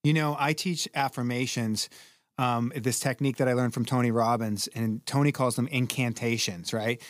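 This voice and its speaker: A man's voice: mid-range voice, normal speed, no echo, clean studio sound. A man from Boston who teaches breathwork, talking casually and acting out his classes with energy. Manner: animated, acts out his classes loudly. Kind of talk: casual podcast conversation.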